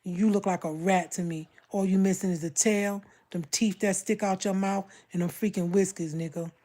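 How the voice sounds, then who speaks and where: A woman's voice: medium pitch, steady tone, moderate pace, mellow. A woman from Brooklyn with a Brooklyn accent, talking bluntly and confrontationally on a casual livestream. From Brooklyn, New York.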